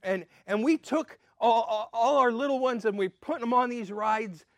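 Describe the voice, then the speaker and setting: An older man giving an earnest sermon as a pastor, swinging between emphatic and soft. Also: extremely high pitch, moderate pace, no room sound, clean studio sound.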